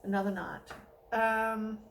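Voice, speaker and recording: A woman's voice: mid-range voice, steady tone, slow pace, vocal fry, a little hiss or hum, low-quality recording. A woman giving a casual tarot reading, tired and yawning, rambling with many ums and self-corrections. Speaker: tarot reader.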